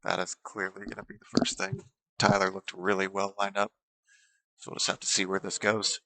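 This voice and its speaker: Bright, gravelly bowling commentator man. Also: sits low, fairly quick, no room sound, rough recording. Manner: steady, explanatory, with frequent ums. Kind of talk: play-by-play sports commentary.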